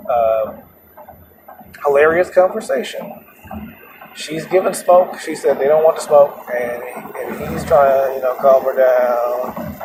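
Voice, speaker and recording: A man who drives for rideshare and hosts the show, telling a story casually in an animated, repetitive way while laughing at it. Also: mid-range voice, slow pace. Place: inside a moving vehicle. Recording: noisy moving car.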